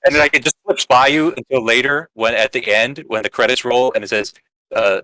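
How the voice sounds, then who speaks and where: A man's voice: medium pitch, steady tone, brisk, bright, forceful tone, dry recording, rough recording. A man co-hosting a podcast, narrating a screenplay-style story and chatting casually. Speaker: podcast co-host. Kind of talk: narrating a script aloud, casual chat.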